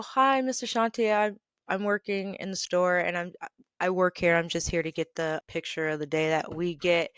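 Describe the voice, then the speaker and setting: A woman podcast host casually telling stories about an old retail job, chatty and animated, often laughing. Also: lowish voice, dry recording, studio quality. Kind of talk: casual storytelling rant.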